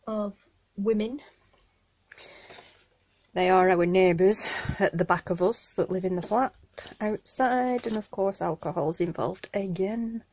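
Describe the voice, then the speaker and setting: A woman with a Northern English accent chatting excitedly as she unboxes craft mail in her home craft room, gushing over each item and apologizing for the noise. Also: mid-range voice. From Northern England. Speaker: craft channel host. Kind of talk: casual unboxing vlog. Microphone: camera on a tripod.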